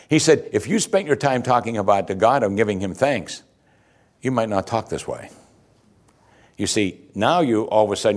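A pastor with a lowish voice preaches a sermon, explaining scripture animatedly with chuckling asides and emphatic rising peaks.

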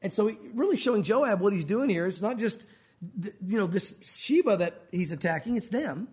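A man with a high-pitched voice delivers a sermon. He tells the story in an animated, conversational way, with casual asides to the listeners. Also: normal speed. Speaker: preacher. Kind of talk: expository sermon.

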